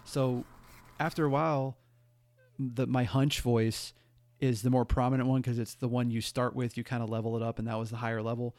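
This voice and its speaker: A man co-hosting a podcast in casual chat, telling rambling, animated stories and laughing often. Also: medium pitch, fairly quick. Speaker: podcast co-host.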